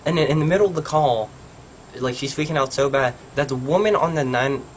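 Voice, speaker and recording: Young male vlogger, casual rambling storyteller, middle pitch, faint hum behind. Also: a little fast. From Pennsylvania. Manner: rambling, heavy use of "like".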